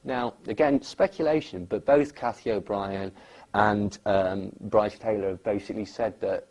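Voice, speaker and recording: A man with a low, dark voice that has a husky edge. He rambles on at length, hedging and circling back with fillers and restarts. It sounds like a relaxed sit-down discussion. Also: measured pace, low-quality recording. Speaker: guest speaker. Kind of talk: casual discussion.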